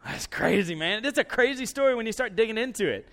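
A man preaching a lively, conversational sermon. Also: high-pitched, a little fast, hardly any pauses.

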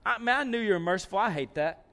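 Man doing a bitter prophet, whiny and indignant, high voice, loud. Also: expressive, fast, full character voice. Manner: exasperated, whining complaint. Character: sulking angry male prophet, bitter and petulant.

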